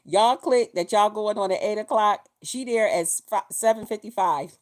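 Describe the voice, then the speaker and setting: A woman in her fifties talking casually in a vlog, animated and profane, laughing often. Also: medium pitch, moderate pace. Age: 50s. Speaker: vlogger.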